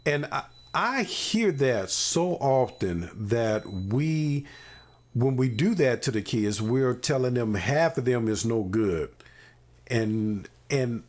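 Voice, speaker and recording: A male podcast host speaks slowly and with real conviction, his voice rough and husky at the edges. His pitch rises and falls widely as he leans into a point, and he tosses in homely, folksy asides. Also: animated. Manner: earnest, emphatic, folksy asides. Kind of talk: conversational interview.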